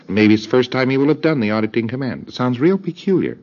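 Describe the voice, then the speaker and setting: A man giving a recorded lecture in a deliberate way, acting out bits of dialogue in quoted voices. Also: mid-range voice, expressive, darkish tone. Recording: dull lo-fi old tape.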